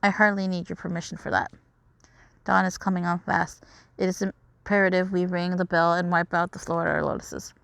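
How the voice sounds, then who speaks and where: A proud, regal male dragon prince from a game story, read aloud by a woman. He speaks with haughty formality in a lowish voice, recorded close and dry. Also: level tone, normal speed, gravelly, fairly bright tone, clean tone, dry recording.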